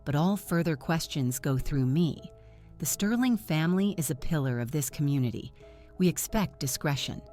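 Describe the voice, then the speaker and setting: A smooth, controlled male attorney who speaks in clipped, formal phrases, as a woman narrator reads him. The voice is lowish, with faint music underneath. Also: expressive, moderate pace, warm tone. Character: slick composed male family attorney.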